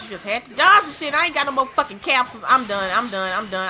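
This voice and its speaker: A woman's voice: fairly high pitch, fast talker, hardly any pauses, bright, forceful tone, a little hiss or hum. Exasperated, foul-mouthed woman gamer. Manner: swears constantly, exasperated outbursts. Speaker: gaming channel host. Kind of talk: frustrated gameplay commentary.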